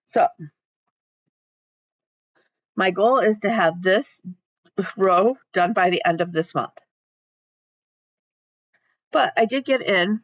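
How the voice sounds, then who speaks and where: A woman chats casually about her stitching projects from home, rambling along with plenty of ums. Her voice sits at a middling pitch. The recording is dry and slightly dull. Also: takes it slowly, long pauses, dry recording. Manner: rambling, chatty, many ums. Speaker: cross-stitch vlogger. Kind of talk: casual chat.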